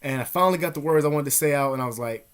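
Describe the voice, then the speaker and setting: A young man casually telling a story to his vlog audience, slangy and profane, animated, sometimes dropping to a whisper. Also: fairly high pitch, rapid-fire, smooth. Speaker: vlogger.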